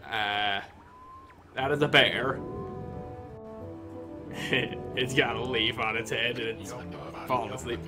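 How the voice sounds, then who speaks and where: A man's voice: mid-range voice, steady tone, slow pace, long pauses, over music. A man giving casual, sarcastic commentary while playing through a video game. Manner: sarcastic, joking asides. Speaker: gamer commentator.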